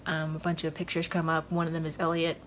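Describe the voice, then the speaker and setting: Woman podcast host, lowish voice, rambling casual episode recap, filler-heavy, faint background hiss. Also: completely flat delivery, fast, a bit bright. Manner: rambling, retells scenes with lots of fillers.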